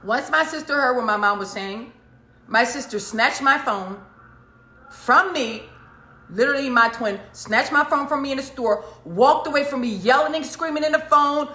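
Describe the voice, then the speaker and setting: Bright-voiced woman preacher telling a story. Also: high-pitched, normal speed, echoey room. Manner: animated, emphatic, repeats phrases. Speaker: prophetess and preacher. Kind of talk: casual storytelling monologue.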